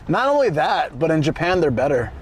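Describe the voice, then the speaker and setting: Out on a bike ride, a man whose voice sits on the high side chats with his live-stream audience, going through their messages and replying one by one. There's a little background noise in the recording.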